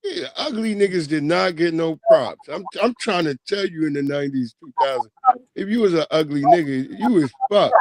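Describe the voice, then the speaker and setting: A man from New York co-hosts in loose comedic banter, his voice sitting high. He tells stories with lively mimicry and loud shouted impressions. The sound is dry and close, with no room around it. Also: moderate pace, no echo. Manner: animated storyteller who mimics people in loud bursts. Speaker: podcast co-host.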